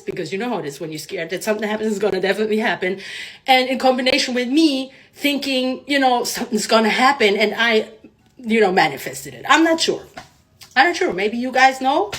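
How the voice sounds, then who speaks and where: A woman telling a personal story to camera in casual style, animated, often adding "right?" and acting out what people said. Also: on the high side. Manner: animated, frequent "right?" tags, acts out quotes. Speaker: storyteller vlogger.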